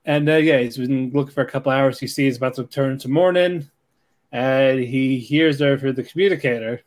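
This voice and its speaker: A man's voice: medium pitch, fairly quick. A young man co-hosting a podcast in casual chat, laughing often and using slang as he recaps anime. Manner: laughs often, jumps into quoted character voices, uses slang. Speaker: podcast co-host.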